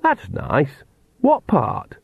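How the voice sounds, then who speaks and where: A man's voice: mid-range voice, huge pitch swings, gravelly, breathy edge, no echo, pitched above the performer's own voice, heavily acted. A man voicing a cheerful, shrewd old countrywoman witch with a folksy rustic way of talking. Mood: sly. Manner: rustic folksy dialect, brisk and bossy. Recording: tinny phone-like dry sound.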